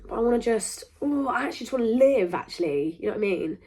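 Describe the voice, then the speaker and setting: Husky, rambling young Englishwoman. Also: a little high, lively intonation, a little mellow. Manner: rambling, emphatic, self-interrupting, quick laughs. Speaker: podcast host. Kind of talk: casual monologue to camera.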